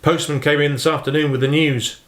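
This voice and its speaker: A man voicing a gruff, blustering, patriotic farmer father in an audiobook reading. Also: fairly high pitch, steady tone, brisk, pitched above the performer's own voice, lightly acted. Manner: loud, blustering, boastful. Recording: roomy echo.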